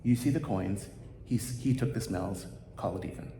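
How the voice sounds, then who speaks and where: A man voicing a fair-minded male judge in an even, reasonable tone within a sermon story. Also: on the low side, moderate pace, reverberant, long reverb tail, background noise, close to an everyday voice. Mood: calm.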